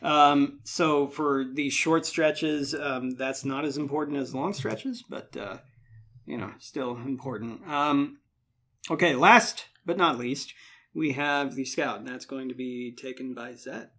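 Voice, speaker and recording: A man's voice: mid-range voice, slow pace, sharp tone. A man running a tabletop game as game master, explaining rules in a chatty way with many fillers.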